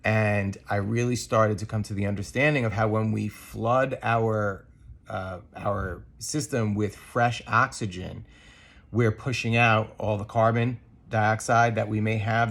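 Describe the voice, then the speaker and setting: A man co-hosting a podcast, sharing a personal reflection in an earnest, thoughtful way, pausing often with ums and restarts. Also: lowish voice, fairly even intonation, vocal fry, a bit bright. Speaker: podcast co-host.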